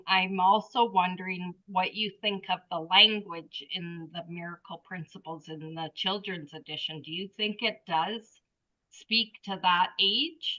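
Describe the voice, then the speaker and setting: A woman's voice: mid-range voice, pushed and bright, dull audio. A woman hosting a casual group discussion over a video call, asking questions in a polite, appreciative, slightly hesitant way.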